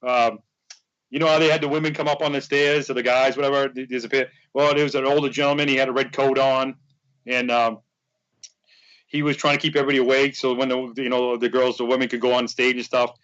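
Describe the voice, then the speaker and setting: A man guesting on a casual podcast rambles through a story as a superfan, acting out the quotes. His mid-range voice is level and fairly bright, he talks fast, and the recording is muffled.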